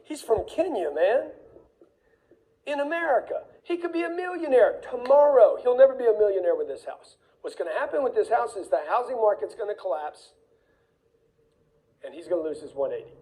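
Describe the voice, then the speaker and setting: Man, higher pitch, mellow tone; blunt motivational speaker who hammers warnings and acts out dialogue. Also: very animated, a little fast, poor audio. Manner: emphatic, blunt, repeats warnings; acts out dialogue in quoted voices. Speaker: speaker on wealth. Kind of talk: motivational talk.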